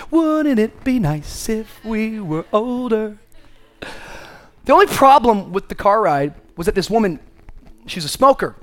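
A man preaching a sermon as pastor, swinging from quick storytelling to loud, drawn-out preaching. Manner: builds to loud, high-pitched preaching, then drops to quick conversational storytelling.

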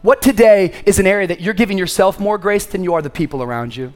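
A man preaching a sermon as pastor, swinging from quick storytelling to loud, drawn-out preaching. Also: faint music behind. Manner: builds to loud, high-pitched preaching, then drops to quick conversational storytelling.

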